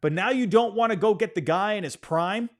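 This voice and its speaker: A man's voice: sits high, brisk. A man hosting a casual sports opinion show, ranting in an exasperated way, repeating himself and apologizing for getting worked up. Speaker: sports podcast host.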